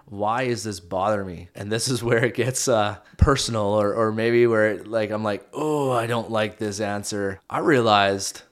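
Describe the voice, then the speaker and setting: A man's voice: lowish voice, normal speed, hardly any pauses. A middle-aged man co-hosting a podcast, telling a personal story in a casual, earnest, self-reflective way with frequent restarts. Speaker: podcast co-host. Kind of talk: casual faith-based marriage chat.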